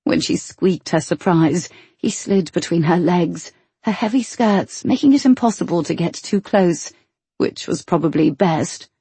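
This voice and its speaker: A woman narrating a romance audiobook in a slow, sensual manner. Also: lowish voice, dark tone, breathy edge, no echo.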